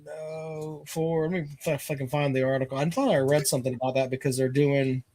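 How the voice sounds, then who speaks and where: A man's voice: fairly high pitch, fairly even intonation, a little fast, dark tone, dry recording. A man co-hosting a casual sports chat show, talking bluntly and swearing freely. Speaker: co-host.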